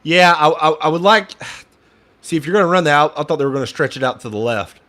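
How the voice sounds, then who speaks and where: A man's voice: a little high, expressive, fast talker, sharp tone. A young man giving casual fan play-by-play commentary, frustrated and ranting at the play calling, sometimes swearing.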